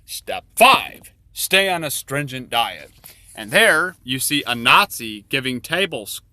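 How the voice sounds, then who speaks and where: A man talks through his own illustrated story in crude, profane comic commentary, rambling with plenty of fillers. His pitch swings in a lively way and his tone is bright and forward, in a dry, close recording. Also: a little slow, no room sound.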